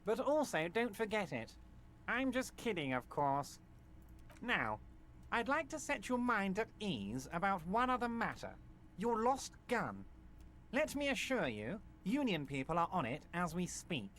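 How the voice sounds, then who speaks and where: A man's voice: sits high, very animated, a little slow, a bit bright, slight background noise, full character voice. An actor playing a large, scheming male union boss in a video game who talks in an oily, falsely reassuring way. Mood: falsely friendly. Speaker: game character.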